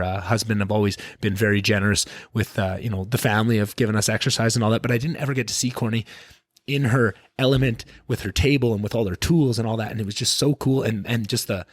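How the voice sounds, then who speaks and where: A man's voice: lowish voice, dry recording, clean studio sound. A young man hosting a solo podcast, talking candidly and rambling with many fillers and restarts, swearing casually. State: tearful, emotional. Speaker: podcast host.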